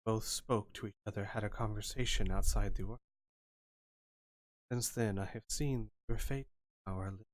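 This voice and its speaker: A man voicing a cryptic female seer, speaking soft and halting in a tabletop game. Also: very deep voice, no room sound.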